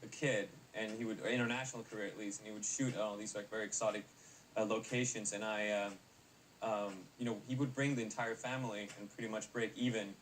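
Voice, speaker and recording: A man's voice: lowish voice, flat delivery, brisk. A young adult man, an actor guest in a casual interview, rambling with many fillers and restarts. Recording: distant mic with faint noise.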